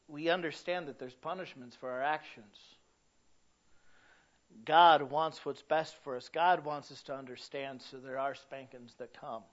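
A middle-aged man preaching a sermon, swinging from loud to hushed. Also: mid-range voice, dull audio. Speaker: pastor.

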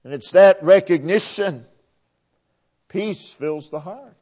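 A man's voice: sits high, slow, mellow. A man preaching a sermon, emphatic, repeating phrases for stress. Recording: dull lo-fi recording.

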